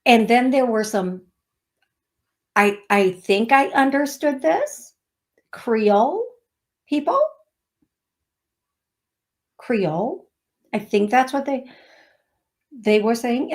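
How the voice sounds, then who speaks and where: Brief: woman radio host, higher-pitched voice, unhurried, chatty and giggly. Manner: chatty, laughing storyteller. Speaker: psychic medium radio host. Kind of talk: casual chat. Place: radio studio.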